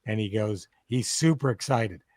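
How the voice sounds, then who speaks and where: A man co-hosting a podcast, telling a story in a casual, profane, animated way. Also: on the low side, moderate pace, no room sound. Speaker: podcast co-host. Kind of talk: casual chat.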